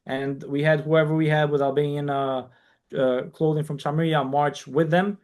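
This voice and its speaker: A man's voice: fairly high pitch, normal speed, clean tone. A man who grew up in New York, a guest on a casual podcast interview, telling long stories and quoting people in dialogue. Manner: animated storyteller, quotes people in dialogue, frequent restarts. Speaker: guest, community organization founder.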